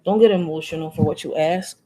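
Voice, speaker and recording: A woman's voice: low voice, fairly quick, dark tone. Blunt, profane woman from Philly. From Philadelphia. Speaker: live-stream panelist. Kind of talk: heated live-stream rant.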